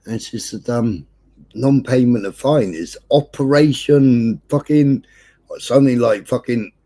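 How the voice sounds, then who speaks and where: A man from England chats on his livestream, telling a story in a casual, profane way. He keeps switching into the voices of the people he quotes. His voice sits at an ordinary middle pitch. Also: measured pace. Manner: sweary, lively, acts out quoted voices. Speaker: livestream host.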